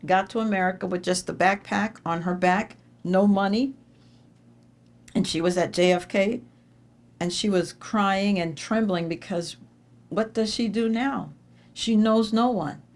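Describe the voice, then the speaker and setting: Woman giving an emphatic dinner speech. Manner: emphatic storytelling with sudden pitch jumps; repeats phrases for emphasis. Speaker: award honoree giving a speech. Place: dinner event hall.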